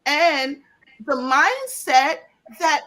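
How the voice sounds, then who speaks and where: A woman on a discussion panel, speaking deliberately and with emphasis, often pausing to find her words. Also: sits high, very animated, sharp tone, low-quality recording.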